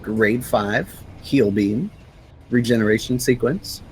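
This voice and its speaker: A man's voice: medium pitch, takes it slowly, darkish tone, a little hiss or hum, poor audio. A man co-hosting a live gaming stream, giving instructive advice and rattling off game loadouts. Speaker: co-host player.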